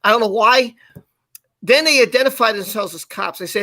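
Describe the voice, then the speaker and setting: A man co-hosting a live stream, casually telling a personal story in an animated way and acting out the quoted lines. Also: high voice, moderate pace, dry recording.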